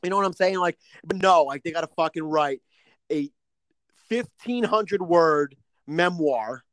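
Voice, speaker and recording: A young man from New Jersey rambles through loose, profane podcast banter, stacking filler words as he goes. His voice sits high. The sound is dry and close. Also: measured pace, fairly bright tone, dry recording, rough recording. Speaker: podcast co-host.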